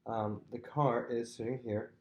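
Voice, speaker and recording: A man's voice: mid-range voice, steady tone, a little slow, darkish tone. A man teaching a physics lesson on video, talking casually and directly to students at home. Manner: casual, chatty, talks straight to students at home.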